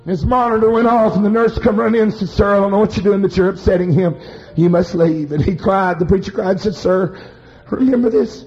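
Man, high voice, revival preacher, shouted chanting climaxes, muffled recording. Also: a little fast. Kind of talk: revival sermon storytelling. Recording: muffled recording with faint music.

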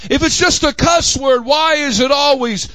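A man with a Southern accent preaching a fiery sermon as pastor of his church, often shouting. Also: very high-pitched, normal speed, no room sound. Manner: impassioned preaching, frequent shouting. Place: church sanctuary.

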